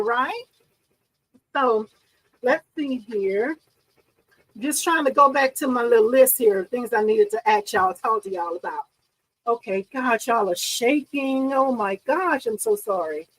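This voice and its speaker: Bubbly high-voiced woman. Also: rough recording. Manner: bubbly, excitable, chatty, often laughing. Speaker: livestream host. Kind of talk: casual live-stream chat with viewers.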